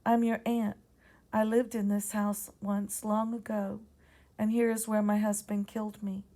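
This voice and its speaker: A woman voicing the ghost of a young aunt with a Southern accent, speaking softly and pleading for her murdered baby. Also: mid-range voice, level tone, a little slow, close to an everyday voice. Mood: sorrowful. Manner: soft, pleading.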